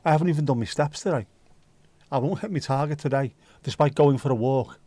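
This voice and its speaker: A man's voice: mid-range voice, fairly quick, mellow, no room sound. A tired man hosting a casual livestream, rambling and reacting to chat with the odd swear word. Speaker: livestream host.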